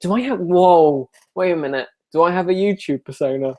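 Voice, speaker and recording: He's a young YouTuber with a high-pitched, darkish voice and a brisk delivery. During his live Q&A he chats casually, rambles, and makes fun of himself as he answers questions from viewers.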